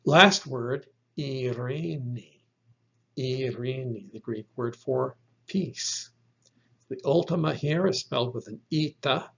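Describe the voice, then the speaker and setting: A man gives a recorded lesson in an unhurried, deliberate way, repeating each example word. His voice is gravelly and a little husky. The recording sounds dull and lo-fi. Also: medium pitch, a bit bright. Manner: slow, deliberate explaining with repeated example words. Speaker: teacher.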